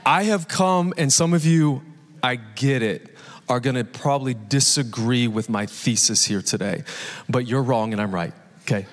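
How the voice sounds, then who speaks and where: Energetic man preaching in a reverberant church. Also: mid-range voice, moderate pace. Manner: energetic, conversational preaching with jokes and audience questions. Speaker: pastor. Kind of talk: live sermon. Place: large church hall. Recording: live church hall reverb.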